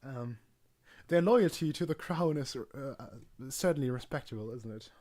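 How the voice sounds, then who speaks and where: A man's voice: mid-range voice, moderate pace, darkish tone. A man streaming alone, rambling casually with jokes, frequent ums and stumbling self-corrections. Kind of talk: casual livestream monologue.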